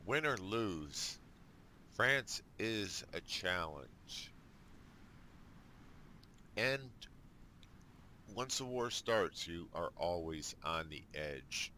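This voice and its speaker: A man with a very low, bright-edged voice talks through his strategy game in a casual let's play. He thinks aloud at an unhurried pace and drops dry little jokes as he goes. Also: animated, slight background noise. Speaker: gamer.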